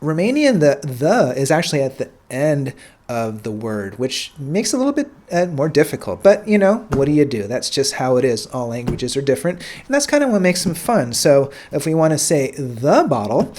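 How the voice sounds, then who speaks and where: An American man teaching a casual language lesson in a relaxed way, filling pauses with "uh" and "all right" and repeating words slowly. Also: mid-range voice. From United States.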